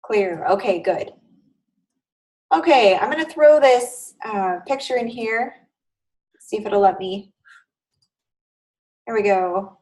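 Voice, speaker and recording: A woman's voice: medium pitch, lively intonation, takes it slowly, pauses often, darkish tone, distant mic, low-quality recording. A woman instructor giving a live online class lecture in a conversational way, often checking in with her students. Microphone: video call.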